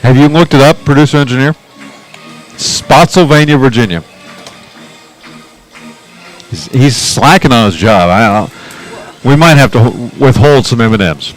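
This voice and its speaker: A man doing play-by-play radio commentary for a baseball game, chatting and reading trivia between pitches. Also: animated, moderate pace, faint music behind, rough recording. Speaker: play-by-play announcer.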